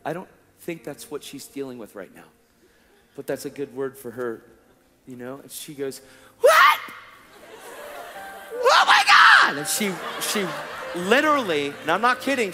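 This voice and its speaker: A male preacher telling a testimony story in an animated way, acting out the dialogue and laughing along, in a large hall. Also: fairly high pitch, normal speed, background noise. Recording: long hall reverb, faint music.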